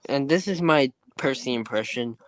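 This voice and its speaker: A man's voice: medium pitch, lively intonation, normal speed. A young man on a livestream, eagerly chatting and offering to do impressions. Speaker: friend on livestream. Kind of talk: casual livestream chat.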